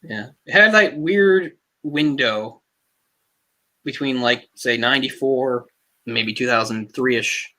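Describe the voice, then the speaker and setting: A man co-hosting a casual movie discussion podcast, a singer with a tenor voice, talking in a rambling, animated way full of fillers. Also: medium pitch, takes it slowly. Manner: rambling, animated, heavy use of "like"; tenor speaking voice from a trained singer. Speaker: podcast co-host. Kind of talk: casual film discussion chat.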